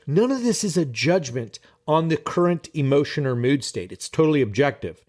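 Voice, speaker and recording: Guy productivity coach vlogging to camera, swears a lot, super animated and kinda high-pitched, talks right at you. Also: fairly quick, few pauses. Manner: animated, profane, talks straight to viewers. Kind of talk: casual vlog monologue.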